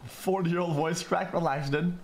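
A young man streaming, reacting to clips with loud, profane, casual commentary full of "dude". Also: a little high, fairly even intonation, normal speed, background noise.

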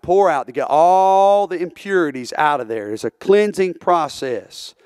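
Earnest preacher, fairly high voice. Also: male voice, clean tone, no echo, studio quality. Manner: earnest, rhetorical questions, swells into fervent preaching. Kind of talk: sermon. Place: church sanctuary.

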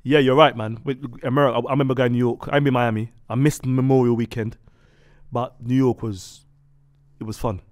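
A man, co-hosting a casual chat with quick, joking banter. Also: medium pitch, little pitch movement, no echo, studio quality.

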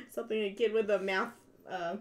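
A woman's voice: medium pitch, normal speed. A woman co-hosting a casual stream at home, giggly and affectionate in her asides. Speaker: teacher and stream co-host. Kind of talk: casual live-stream chat.

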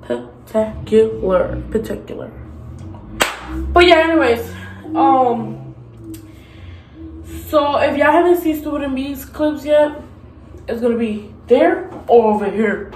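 A woman's voice: high voice, measured pace, long pauses, a little mellow. A woman vlogging to the camera in a bathroom, hyper and playful, squealing and making beep noises. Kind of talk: casual vlog talk to camera. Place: grandmother's bathroom. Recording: echoey room with noise.

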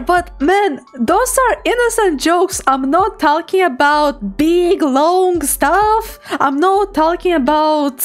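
A woman VTuber streamer chatting casually with her viewers, bubbly and giggly, teasing playfully between thank-yous. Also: very high voice.

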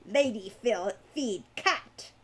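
A woman's voice: lively intonation, slow pace, breathy edge, full character voice. A woman reading aloud, voicing a small vengeful kobold that shrieks and snarls in broken speech. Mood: furious. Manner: shrill, snarling, clipped broken grammar.

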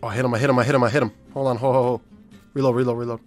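A young man giving live commentary over a shooter game, swearing often and swinging from low mumbling to loud yelling. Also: flat delivery, racing, faint music behind. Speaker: gaming YouTuber.

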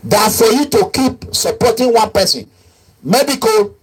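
A man's voice: high voice, very animated, measured pace, slightly rough. A man hosting a live online call-in, pleading and repeating himself. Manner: pleading, repeats himself, switches into Nigerian pidgin. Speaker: online talk host. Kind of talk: live-streamed call-in talk.

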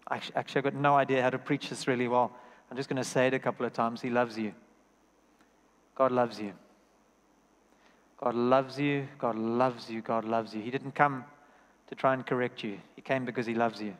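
A man's voice: medium pitch, little pitch movement, a little fast. A young man preaching a sermon, earnest and personal, telling stories and repeating key phrases. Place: church hall. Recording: reverberant church hall.

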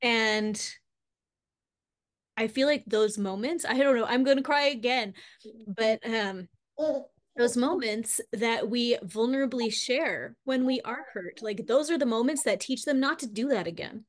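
A woman's voice: on the high side, measured pace. A woman author talking candidly about her feelings in a podcast interview, with lots of fillers. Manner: candid, emotional, uses many fillers. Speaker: author guest.

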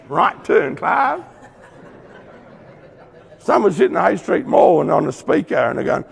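A man's voice: high-pitched, animated, normal speed, gravelly, breathy edge, big-room sound. A middle-aged Australian man giving an earnest, emphatic testimony sermon in a conversational way, with acted-out asides. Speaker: preacher.

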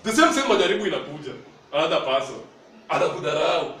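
A man's voice: a little high, big pitch swings, fast, a bit bright, slight background noise. A man with a Kenyan accent preaching a sermon, mixing Swahili and English and calling on the congregation for responses. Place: church hall. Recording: echoey hall, mic at a distance.

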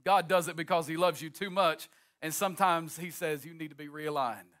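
A male pastor preaching an impassioned sermon, rising into shouts and a sing-song cadence, then dropping into folksy asides. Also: on the high side, fairly even intonation, moderate pace.

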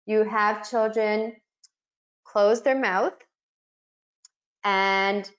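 Speaking a little slowly in a mid-range voice over dull audio, a middle-aged webinar facilitator teaches educators about speech sounds, pronouncing each one as she explains it.

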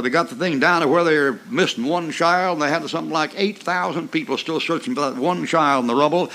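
A man's voice: fairly high pitch, a bit bright. An older man preaching a sermon in a folksy, emphatic way, mixing mocking asides with chuckles.

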